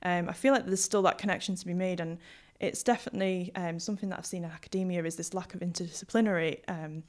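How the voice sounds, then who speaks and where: A woman's voice: fairly low pitch, steady tone, fast. A young woman with a Yorkshire accent tinged with Hull, a linguist talking through her ideas with lots of ums and restarts. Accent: Yorkshire with some Hull. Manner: thoughtful, many fillers and restarts. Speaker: guest historical linguist. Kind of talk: casual podcast interview.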